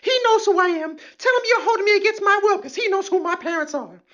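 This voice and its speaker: A man's voice: very high-pitched, expressive, fast talker, fairly bright tone, dull audio, voice pushed up. A man voicing an irate, entitled woman being arrested, shrieking her demands with indignation. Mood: shrill indignant.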